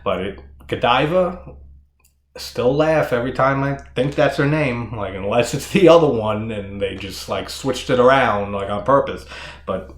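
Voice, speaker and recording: A man's voice: medium pitch, unhurried. A man reviewing a horror movie in casual, rambling talk, swearing often and laughing as he goes. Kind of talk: casual solo movie discussion. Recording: echoey room.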